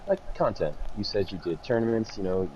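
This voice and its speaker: A man's voice: fairly low pitch, big pitch swings, brisk, muffled recording. A man co-hosting a podcast who stammers through long questions to his guest. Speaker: podcast co-host. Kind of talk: casual podcast interview. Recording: audible background noise.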